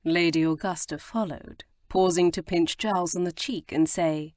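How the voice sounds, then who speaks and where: A woman narrating a historical romance audiobook in measured storytelling. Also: sits low, no room sound. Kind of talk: scripted narration.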